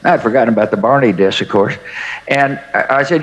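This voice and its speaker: Seventies man, former statesman guest; folksy, halting delivery, filler-heavy anecdotes. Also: medium pitch, animated, rough recording. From United States. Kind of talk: anecdotal interview answers.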